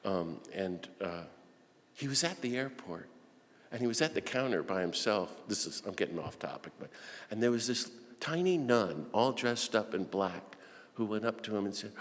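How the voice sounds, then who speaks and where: A man, a priest and guest speaker, giving an impassioned talk to a parish audience, shifting between urgent appeals and hushed storytelling. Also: sits low, normal speed. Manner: animated preaching that swings from fervent urging to hushed storytelling. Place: large church hall. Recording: long reverb of a large hall.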